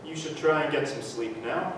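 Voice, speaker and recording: An actor playing a police officer who questions two sisters in a measured, probing way on stage. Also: mid-range voice, close to an everyday voice. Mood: quiet. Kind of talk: live stage drama. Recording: echoey hall, distant mic, faint noise.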